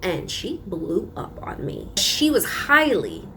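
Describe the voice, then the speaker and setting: Animated young woman telling a story. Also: mid-range voice, slow, a little hiss or hum. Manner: animated, emphatic retelling with frequent laughs. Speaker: vlogger. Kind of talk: casual storytelling.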